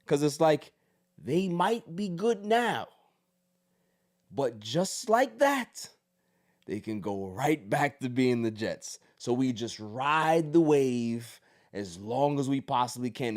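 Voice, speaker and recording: A man hosts a sports podcast and rants in casual commentary about his team. His voice sits a little high for a man. He is animated and joking, and he swings between gloom and fired-up bursts. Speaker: podcast host.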